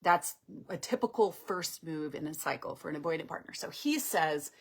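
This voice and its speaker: A relationship coach explains things conversationally on a live stream, acting out couples' lines and often checking in with "right?". Her voice sits low, expressive and creaky, at normal speed.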